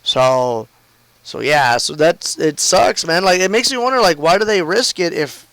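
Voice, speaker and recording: A man's voice: a little high, expressive, unhurried, a bit bright, no room sound, poor audio. A man streaming a game from home and telling a long story in a casual, rambling way, full of "like" and "I mean" and loose swearing.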